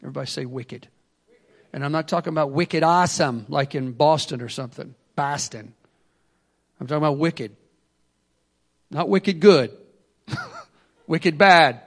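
Male pastor, high voice, energetic sermon that swings loud and soft. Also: unhurried, long pauses. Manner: energetic preaching, acts out excuses in quotes; swings between loud bursts and quiet asides.

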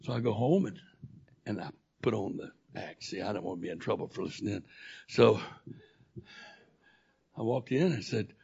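Gravelly, husky male pastor telling a story. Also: lowish voice, normal speed, long pauses. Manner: animated storyteller acting out dialogue. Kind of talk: sermon testimony storytelling. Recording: dull lo-fi recording.

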